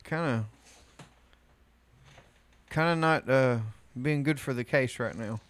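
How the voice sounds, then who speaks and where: A man's voice: medium pitch, slow pace, fairly bright tone, clear, resonant tone, no echo. A man co-hosting a podcast in casual chat, teasing and wisecracking. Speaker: podcast co-host.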